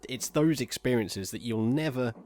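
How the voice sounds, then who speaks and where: A man chats casually on a podcast call. He talks in halting bursts and keeps restarting his sentences, often laughing as he goes. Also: mid-range voice, darkish tone. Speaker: podcast co-host. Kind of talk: casual chat. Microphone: remote call mic.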